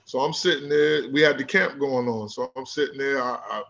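A man from Newark, a high school basketball coach, telling stories casually in an interview and acting out the voices he quotes. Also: fairly quick, dull audio. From Newark, New Jersey. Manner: animated storyteller who acts out quoted voices.

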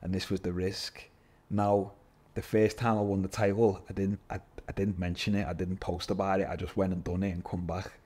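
A man, a guest telling his story in an animated, casual way, swearing and calling everyone lad. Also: low voice, brisk, slightly rough. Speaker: podcast guest, MMA fighter.

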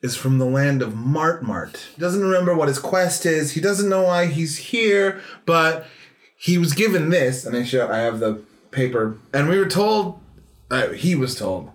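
A tabletop game player who talks in a chatty way and goes gentle and soothing when in character. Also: medium pitch, animated, a little slow, roomy sound. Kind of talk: tabletop role-play, in and out of character.

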